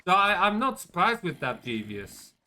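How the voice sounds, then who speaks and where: A man's voice: sits high, very animated, moderate pace, bright, forceful tone. A man chatting casually while streaming a game, rambling and answering his chat with lots of "like". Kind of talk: casual gaming commentary.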